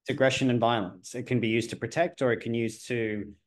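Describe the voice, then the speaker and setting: A man's voice: medium pitch, fairly even intonation, fairly quick. Blunt, assertive podcast host man. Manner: sometimes swears. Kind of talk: casual podcast conversation.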